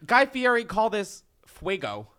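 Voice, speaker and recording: A woman co-hosting a casual chat, loud and animated, swearing often and bursting into laughter. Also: medium pitch, measured pace, clean tone. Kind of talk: casual chat, tasting celebrity liquor.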